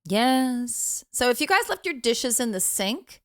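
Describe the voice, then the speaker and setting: Animated middle-aged woman, lively pitch. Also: a little slow. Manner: animated, laughing, swearing freely. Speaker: podcast co-host, mother. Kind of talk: casual chat.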